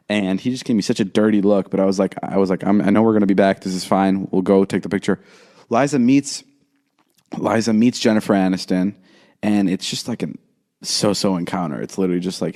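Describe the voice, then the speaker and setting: A man's voice: on the low side, fairly quick, warm tone. A young man co-hosting a podcast, telling a long story in casual chat, rambling and animatedly quoting the people in it. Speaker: podcast co-host.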